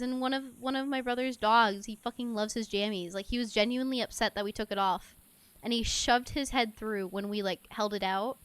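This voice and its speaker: A woman's voice: a little high, fairly bright tone, clean tone, no room sound. A woman streaming a game and chatting casually, giggly and swearing offhand. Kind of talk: casual gameplay chat.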